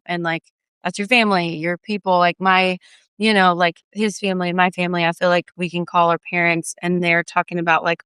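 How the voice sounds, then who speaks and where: Bright-voiced chatty young woman. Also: on the low side, clear, resonant tone, no room sound. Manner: chatty, many fillers, laughs easily. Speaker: guest, singer. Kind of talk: casual conversation.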